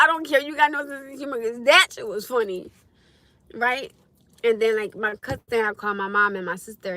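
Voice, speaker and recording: A woman hosting a livestream, telling a personal story in a casual, animated way with frequent laughter and cursing. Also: on the high side. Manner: animated, laughing, swearing freely. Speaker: livestream host.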